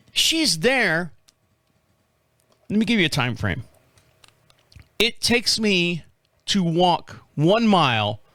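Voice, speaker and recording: A man's voice: sits high, fairly bright tone, no echo. A man in his fifties hosting his own show, telling a rambling story in casual talk. He swears freely and laughs often at his own stories. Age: 50s. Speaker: podcast host.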